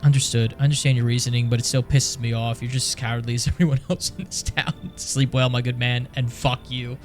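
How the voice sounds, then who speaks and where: A man's voice: medium pitch, steady tone, fairly quick, soft background music, natural voice. A man voicing a bitter drifter in a horror game, mock-polite and sardonic.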